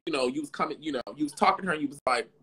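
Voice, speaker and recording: Husky-voiced woman interviewer. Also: deep voice, rapid-fire, bright, forceful tone. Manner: reactive, asks questions, slangy. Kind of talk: casual interview.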